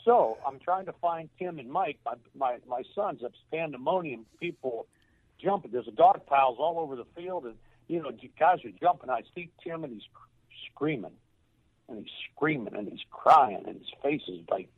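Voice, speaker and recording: A man's voice: fairly high pitch, animated, no echo. Older man telling a story over the phone. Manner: halting, repeats words, moved to tears. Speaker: former baseball coach, guest. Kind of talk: emotional personal storytelling. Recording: tinny phone line.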